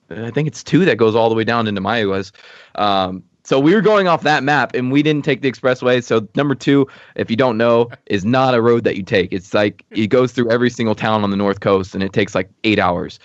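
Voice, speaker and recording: A man's voice: mid-range voice, brisk, no room sound, muffled recording. A man from Texas, a podcast guest, telling a long casual story with lots of "like" fillers and frequent chuckles. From Texas, USA. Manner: rambling, many "like" fillers, chuckles often.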